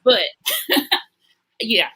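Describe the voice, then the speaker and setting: A woman in her thirties in candid conversation on a livestream, chiming in quickly and eagerly. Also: sharp tone. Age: 30s. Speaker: livestream guest. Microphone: video call mic.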